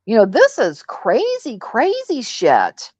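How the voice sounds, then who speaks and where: Talking slowly, a Missouri woman co-hosting a livestream uses a fairly high voice with a darkish tone and huge pitch swings. Her casual chat is chatty, rambling and frank, and the dull lo-fi sound is completely dry.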